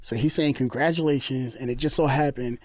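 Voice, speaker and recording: A man from the New York area telling a long story in casual chat, animated and acting out other people's lines. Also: medium pitch, brisk, no room sound, studio quality. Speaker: storyteller guest.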